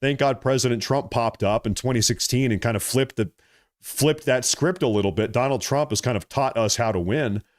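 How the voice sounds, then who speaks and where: A young man hosting a live political stream, ranting in a heated, combative way with profanity, his voice swinging between loud outbursts and low muttering. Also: normal speed. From United States. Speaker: political livestream host.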